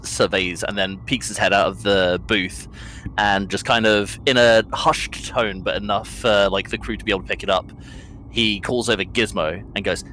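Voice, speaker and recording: A man's voice: fairly low pitch, fairly even intonation, moderate pace, bright, forceful tone, slight background noise, poor audio. A man playing in a tabletop game, casually describing what his character does, with lots of likes. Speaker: player.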